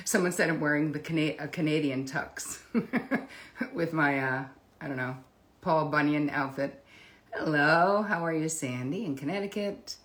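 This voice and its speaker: A woman's voice: deep voice, a bit bright. A woman hosting a live stream, chatting casually and greeting viewers by name before talking about relationships. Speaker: livestream host.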